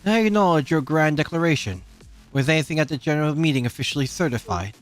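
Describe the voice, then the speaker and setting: A streamer voicing a cold, smug corporate executive villain in a low, dismissive, curt manner. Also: lively intonation, fast, faint music behind, lightly acted.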